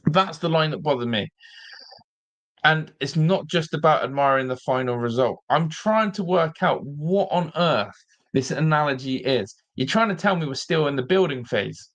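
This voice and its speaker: A man's voice: a little high, expressive, normal speed, fairly bright tone. A man hosting a live-streamed football fan show, ranting in exasperation and repeating himself. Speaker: fan channel host.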